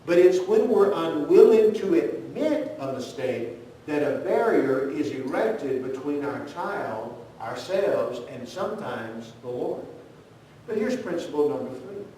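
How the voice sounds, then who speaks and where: A man's voice: big pitch swings, measured pace, mellow. A man preaching a sermon, telling a story earnestly and putting direct questions to his congregation. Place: church sanctuary. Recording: very echoey church, voice from far off, faint rumble.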